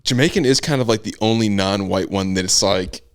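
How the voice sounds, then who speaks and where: A man with a fairly low voice hosts a relaxed podcast conversation. He rambles and hedges, often trailing off with shrugs in his phrasing. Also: brisk, clear, resonant tone. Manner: rambling, hedging with "I don't know". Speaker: podcast host. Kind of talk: casual chat. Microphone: camera and studio mic.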